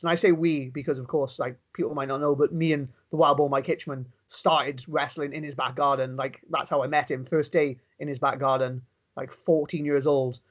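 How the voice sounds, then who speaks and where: This mid-range, fairly evenly intoned male voice belongs to a young Welsh pro wrestler being interviewed in a relaxed chat. He races eagerly through his stories, restarting sentences again and again, and the lo-fi audio is dull.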